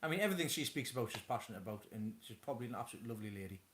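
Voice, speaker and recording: This is a man hosting a relaxed live stream from his home. He rambles, trips over his words and restarts sentences as he chats. His voice sits at a middling pitch. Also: very fast, a little hiss or hum. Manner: rambling, stammering restarts, chuckling. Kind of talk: casual chat.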